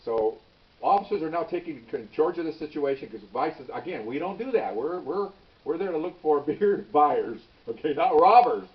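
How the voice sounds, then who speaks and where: A man in his sixties, a retired police officer telling a story in an animated way, with many restarts and "okay?" tags. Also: fairly high pitch, normal speed. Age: 60s. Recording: dull, slightly distant recording.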